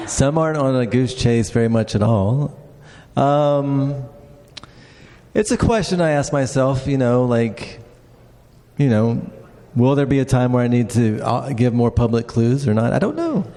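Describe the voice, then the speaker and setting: A man's voice: medium pitch, big pitch swings, unhurried, warm tone. A man who created a treasure hunt, answering audience questions with a hesitant, repeating manner and some laughter. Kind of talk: live Q&A answers. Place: large convention hall. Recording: echoey convention hall reverb.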